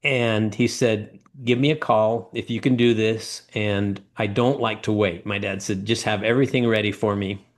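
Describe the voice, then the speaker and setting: A middle-aged man, a guest in an interview, telling stories with lively acted-out quotes. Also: lowish voice, normal speed, hardly any pauses. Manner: animated storyteller acting out quoted voices. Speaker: guest, former ladder company owner. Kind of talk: storytelling interview talk.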